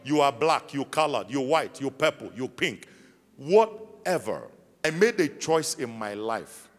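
A man's voice: mid-range voice, very animated, measured pace. A man preaching a sermon to his church congregation, from South Africa, calling out questions for the people to answer back. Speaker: pastor. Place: large church hall. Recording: long hall reverb with faint music.

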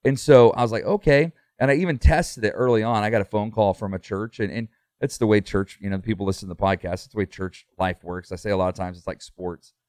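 A man's voice: on the low side, fast talker, hardly any pauses, darkish tone, no room sound, clean studio sound. A middle-aged man, a pastor, talking earnestly in a casual podcast conversation, full of fillers and restarts.

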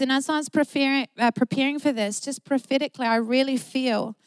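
A woman's voice: on the high side, no echo, poor audio. A middle-aged woman pastor, preaching a sermon in an earnest, emphatic way with repeated phrases.

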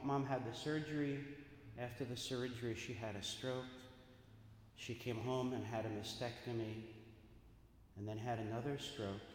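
Middle-aged priest preaching in an echoing church. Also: male voice, mid-range voice. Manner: animated storyteller with sharp swings in loudness. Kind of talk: sermon storytelling. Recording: echoey church hall with faint ambience.

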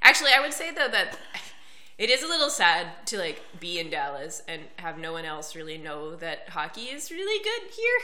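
A woman from Kansas co-hosting a casual podcast, steering the topics in a relaxed, chatty way. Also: on the low side, moderate pace. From Lawrence, Kansas, USA. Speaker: podcast co-host. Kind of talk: casual chat.

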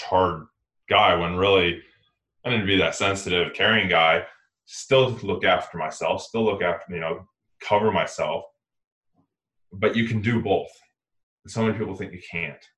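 A man with a very low voice talks through a casual podcast chat in an earnest, rambling way. He restarts his sentences as he goes. The sound is roomy and echoey. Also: steady tone, normal speed, bright, forceful tone. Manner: earnest, rambling, self-correcting. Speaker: podcast co-host.

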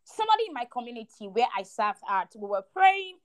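A young woman with a high, bright voice tells a personal faith story on a podcast. She is animated and emphatic and leans on repetition to drive her points home. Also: fairly quick. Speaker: podcast co-host. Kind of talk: faith testimony chat.

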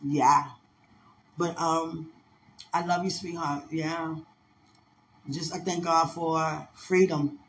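High-voiced D.C. man telling stories. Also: slow pace, long pauses, a little hiss or hum. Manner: animated, laughs often, drops into other voices. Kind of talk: casual storytelling chat.

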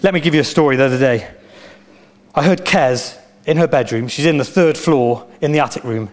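A man preaching a sermon as pastor, with animated storytelling and emphatic repetition. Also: medium pitch, brisk.

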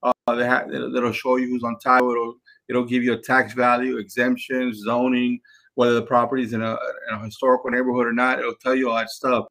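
A man's voice: medium pitch, flat delivery, brisk, a bit bright. A man, hosting a podcast and giving an instructional talk, emphatic and repeating himself as he addresses the listeners as guys. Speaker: podcast host and sales trainer.

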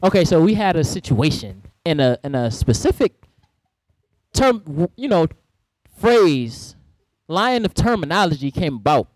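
A young man hosts a casual panel chat in a school, telling his stories with playful energy. His pitch swings widely as he goes. The sound is dry and close. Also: measured pace, dry recording. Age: young adult. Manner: animated, playful storyteller. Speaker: school staff and podcast host. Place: school room.

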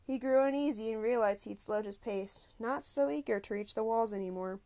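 A woman narrating a novel in a steady, measured storytelling voice. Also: a little high. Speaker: audiobook narrator. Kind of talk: scripted narration.

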